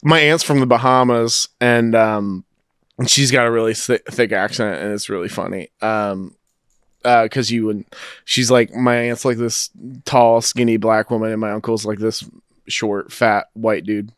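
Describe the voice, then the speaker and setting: A man's voice: lowish voice, steady tone, measured pace, clean tone, no room sound, studio quality. A young adult man hosting a casual podcast chat, starting sentences over with stammered restarts and laughing easily. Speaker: podcast host. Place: podcast studio.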